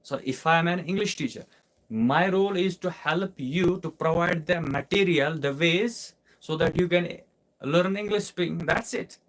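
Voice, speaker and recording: Young Indian-accented male English teacher, slightly high voice, live Q&A class, explanatory and repetitive. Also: a little slow, fairly bright tone. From Kashmir, India. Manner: explanatory, repeats points with rhetorical questions. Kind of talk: live class answering viewer questions.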